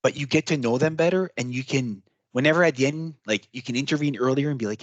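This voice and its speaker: A man's voice: mid-range voice, quick pace, hardly any pauses, no room sound. Chatty male workshop trainer, dry sound. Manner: animated, chatty, acts out client quotes. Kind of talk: casual workshop talk.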